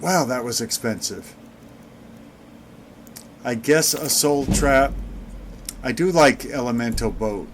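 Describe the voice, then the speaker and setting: A man talking over his own gameplay with dry, sarcastic asides, slow and unhurried in pace. His voice sits at a middling pitch with a faint hiss behind it. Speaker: let's play gamer. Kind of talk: gameplay commentary.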